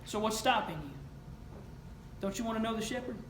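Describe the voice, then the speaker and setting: High-voiced preacher, echoey church. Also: male voice, fairly quick, fairly bright tone. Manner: earnest, questioning, storytelling. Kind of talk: sermon. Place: church sanctuary. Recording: echoey church room, faint noise.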